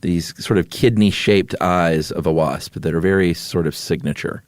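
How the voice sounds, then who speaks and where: A man's voice: low-pitched, moderate pace, a little mellow, no echo. A man co-hosting a podcast, explaining things in an easygoing way and laughing often. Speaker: podcast co-host. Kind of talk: casual chat.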